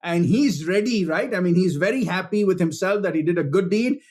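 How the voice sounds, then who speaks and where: A spiritual speaker telling a parable in an animated way, often repeating words and calling listeners friends. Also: male voice, sits high, fairly quick. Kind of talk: storytelling talk.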